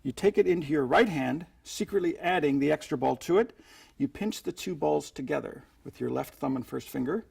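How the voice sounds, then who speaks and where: Gravelly-voiced man teaching magic tricks. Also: on the high side, animated, fairly quick, darkish tone. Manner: chatty demonstrator, playful sound effects like "boop". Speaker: magic instructor. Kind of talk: instructional magic tutorial.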